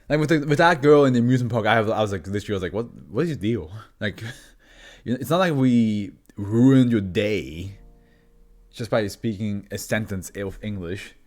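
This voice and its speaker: A man's voice: lowish voice, normal speed. A man from Switzerland, a Swiss German native speaker, reads horror fiction files aloud and breaks off into rambling chat, laughing often. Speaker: channel host. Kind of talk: reading horror fiction files with chatty asides.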